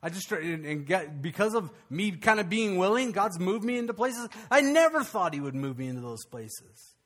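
A male pastor, preaching a conversational, animated sermon with frequent restarts. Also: high voice, normal speed.

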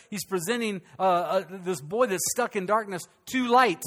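High-voiced man preaching with loud peaks. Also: moderate pace. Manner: emphatic preaching, swinging between loud peaks and hushed lines. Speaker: pastor. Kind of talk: sermon. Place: church during a service.

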